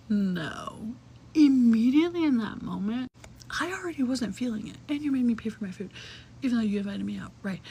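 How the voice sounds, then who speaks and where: A young adult woman telling a personal story in casual, chatty talk, full of "like" fillers, cursing, and hushed, whispery asides. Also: on the high side, expressive, moderate pace, a little hiss or hum, rough recording.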